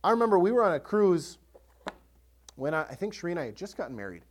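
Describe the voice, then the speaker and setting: Male pastor, lively sermon storyteller, acts out voices, swinging pitch. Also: fast talker.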